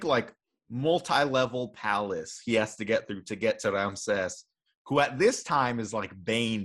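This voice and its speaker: A man's voice: on the low side, fairly bright tone. A young man co-hosting a podcast, chatting casually and rambling through a made-up story. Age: young adult. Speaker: podcast co-host. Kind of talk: casual chat.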